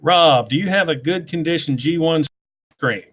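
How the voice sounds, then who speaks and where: A middle-aged toy reviewer chats informally on a livestream, reading and replying to viewer questions via his desk webcam. His fairly high, fairly bright voice moves at normal speed with a breathy edge.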